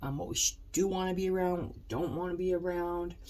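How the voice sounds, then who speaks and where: A woman's voice: fairly low pitch, fairly even intonation, fast talker, dark tone. A woman doing a casual tarot reading with a stuffed-up, nasal voice, rambling with many ums and likes. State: stuffed-up nose. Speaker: tarot reader.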